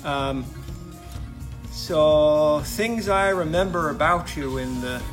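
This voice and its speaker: Jovial slow-talking man over music. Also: a little high. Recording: music playing behind.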